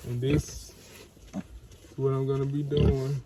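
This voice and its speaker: A man with a drawl speaks slowly and soothingly while narrating a farm vlog. He sits outdoors in a pig pen, filmed on a camera mic. Piglets squeal and pigs grunt loudly around him. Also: mid-range voice, little pitch movement. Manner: slow, soothing, talks gently to piglets. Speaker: farm vlogger. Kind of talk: casual vlog narration while handling animals. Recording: noisy outdoor farm recording.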